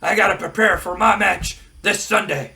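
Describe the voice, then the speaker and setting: A boastful, cocky wrestling champion in his middle years bellows his gloating lines, pitched high and pushed hard. A man puts him on while narrating a wrestling game. The tone is strained and brash. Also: moderate pace, gravelly, distant mic, slight background noise, exaggerated voice. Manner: gloating, loud, strained timbre.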